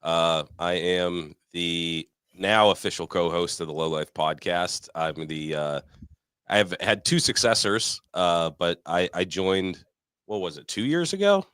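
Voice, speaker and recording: A man from New Hampshire, his voice very low yet bright and forceful. He jokes in a laid-back, sweary way, recorded dry and close. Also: lively intonation, measured pace, clean tone, no room sound. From New Hampshire, USA. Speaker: podcast co-host guest. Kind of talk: casual chat.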